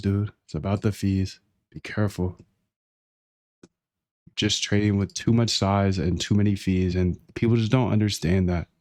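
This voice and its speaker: A man with a fairly low voice talks straight into a close mic with no room sound. He runs a live-stream sales pitch with nonstop hype and calls the viewer dude and bro. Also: a little mellow, no echo. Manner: pushy and hyped, keeps saying dude and bro. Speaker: trading channel host.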